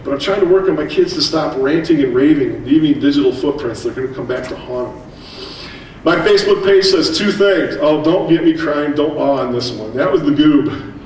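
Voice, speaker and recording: An American man giving a conference keynote, telling stories with quick asides and jokes. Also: on the high side. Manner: animated storytelling with quick asides. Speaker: keynote speaker, teacher. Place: large hall. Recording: echoey hall, distant mic, faint noise.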